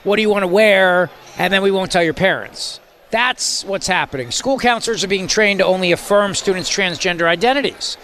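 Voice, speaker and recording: Brief: male talk radio host, mocking and rambling, high bright voice. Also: brisk.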